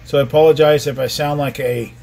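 A man in his fifties hosting a casual live Bible study podcast, talking in a relaxed, rambling way with lots of ums, recorded on a phone. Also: a little high, fast talker, vocal fry, faint music behind. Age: 50s. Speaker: podcast host, ministry leader.

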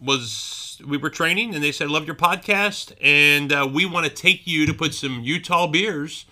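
Middle-aged co-host, real bright tense voice, halting, lots of uhs. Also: male voice, a little high. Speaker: podcast co-host. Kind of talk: casual chat.

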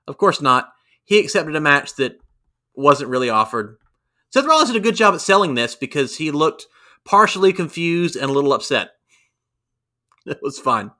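Bright-voiced man chatting about wrestling. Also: a little high, normal speed, long pauses. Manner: animated, acts out quotes in raised voices. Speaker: podcast co-host. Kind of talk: casual wrestling review chat.

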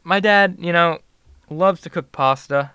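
A man's voice: on the high side, measured pace, bright, forceful tone, clean tone, no room sound. A teenage boy chatting casually in an interview, rambling with many fillers and restarts. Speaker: student athlete guest.

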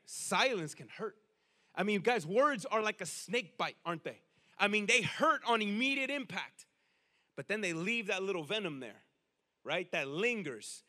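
A man preaching a sermon in a conversational, animated way, with casual slang and frequent rhetorical questions. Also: high-pitched. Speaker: pastor.

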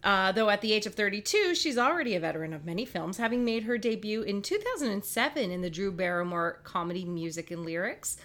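A young woman co-hosting a relaxed talk show, trading opinions with her partner. Her voice is bright and forward, and her speech is chatty and lively. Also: medium pitch, fast talker, hardly any pauses. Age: young adult. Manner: chatty, jumps in with opinions and laughs. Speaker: co-host. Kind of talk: casual chat show segment.

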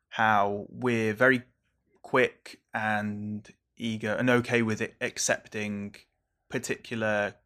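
An English man, a young adult, hosting a casual solo podcast in an excitable, rambling, over-caffeinated way, swearing now and then. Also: on the low side. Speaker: podcast host reviewing films.

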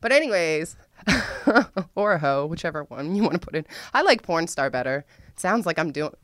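A woman's voice: on the low side, lively intonation, normal speed, a bit bright, dry recording, studio quality. A young adult woman telling a frank, profane story to her listeners, laughing often as she talks. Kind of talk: candid storytime monologue.

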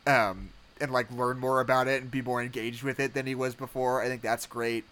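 A woman's voice: a bass voice, steady tone, a little fast, a bit bright. A woman in casual conversation about a movie, chatty and full of fillers, laughing easily. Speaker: podcast co-host. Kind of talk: casual movie review chat.

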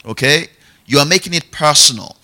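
A man's voice: a little high, fairly quick, sharp tone. A middle-aged man preaching a sermon in a conversational teaching style, repeating key phrases and checking in with his listeners. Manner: conversational, checks in often with "yeah?" and "okay?".

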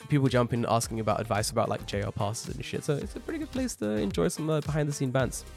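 A man's voice: medium pitch, quick pace, creaky, soft background music. A man co-hosting a podcast in casual chat, rambling and swearing as he tells stories. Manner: rambling, swears a lot, animated storytelling. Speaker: podcast co-host.

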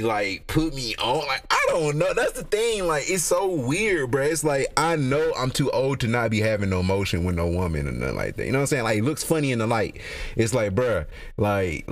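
A young man, talking casually to camera in a rambling, slangy, profane way, his pitch jumping up and down. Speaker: solo vlogger. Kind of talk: casual monologue.

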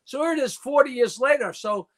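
A New York comedian in his seventies, guesting on a casual call-in chat, rattles off dirty jokes and stories. His voice is very high and a little fast.

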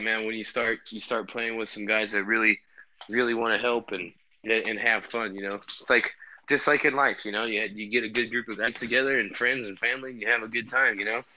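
A man's voice: on the low side, steady tone, a little fast, sharp tone, no room sound, low-quality recording. A man hosting a podcast remotely from his home, talking in a loose, rambling way with many restarts and fillers. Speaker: podcast host. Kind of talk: casual chat. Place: home bedroom. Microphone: remote recording.

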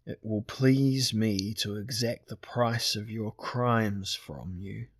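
A man voicing a jovial, gnarled male giant executioner who speaks slowly and mockingly, in a husky voice. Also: lowish voice, no echo, clean studio sound.

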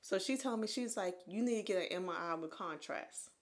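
A woman's voice: medium pitch, fairly quick. A woman in her thirties co-hosting a casual podcast. She tells her story with energy and voices the people in it as she goes. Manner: animated, acts out quotes of others. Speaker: podcast co-host.

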